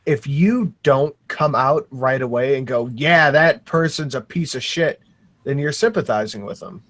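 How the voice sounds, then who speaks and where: A man's voice: mid-range voice, unhurried, fairly bright tone. A man co-hosting a casual chat, wisecracking and swearing.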